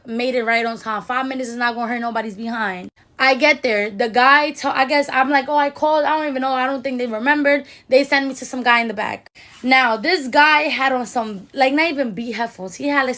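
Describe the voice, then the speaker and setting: A young woman with a high-pitched voice tells a casual storytime straight to her viewers. She talks in loose slang and jumps into lively quoted voices for the people in the story. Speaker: beauty vlogger.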